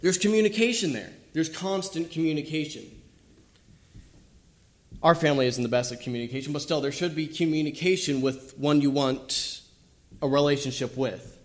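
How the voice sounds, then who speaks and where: A young man giving an informal sermon and closing prayer, speaking haltingly with many fillers and restarts. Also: a little high.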